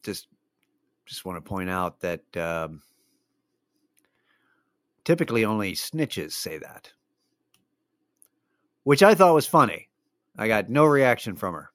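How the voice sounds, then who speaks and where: A man's voice: lowish voice, big pitch swings, slow, long pauses, a bit bright, no echo. A man hosting his own show, telling rambling, profane stories in a wry, casual way with lots of fillers. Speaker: podcast host. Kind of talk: casual solo monologue.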